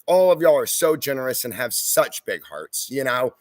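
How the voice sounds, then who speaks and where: A man's voice: mid-range voice, animated, moderate pace, no echo. A man hosting a casual livestream, reading viewer comments aloud and answering them in an easygoing, chatty way. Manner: easygoing and chatty, often says "y'all" and "hoorah". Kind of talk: casual live-stream chat.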